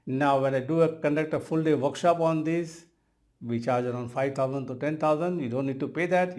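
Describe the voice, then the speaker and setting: A man in his sixties with an Indian English accent, a hypnotherapist making an earnest promotional pitch and often calling the listener his friend. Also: a little mellow. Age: 60s. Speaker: hypnotherapist and trainer.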